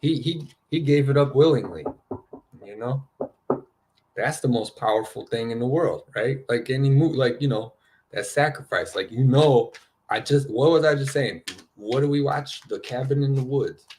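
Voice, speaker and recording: A man hosting a spiritual card-reading show, talking in a loose, rambling way that is full of "you know" and "right?", and getting excited as he goes. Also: mid-range voice, moderate pace. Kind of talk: rambling casual chat.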